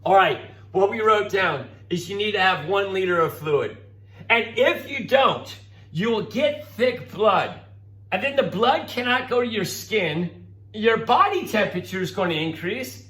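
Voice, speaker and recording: A middle-aged man giving a classroom lecture, coaxing and animated, acting out voices as he explains. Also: high voice, measured pace. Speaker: teacher.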